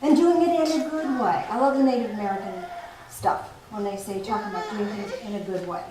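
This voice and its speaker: Woman, spiritual teacher, playful and animated, faint hiss behind. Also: medium pitch, brisk. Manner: animated, playful, laughs often. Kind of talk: spiritual talk to a group. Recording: echoey room from far off, faint noise.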